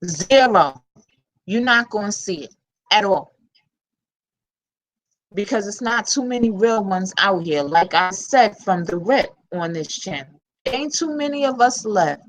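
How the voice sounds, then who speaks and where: Slow-talking blunt New York woman. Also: medium pitch, lively intonation, rough recording. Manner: blunt, slangy and candid. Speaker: channel host. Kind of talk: casual commentary vlog.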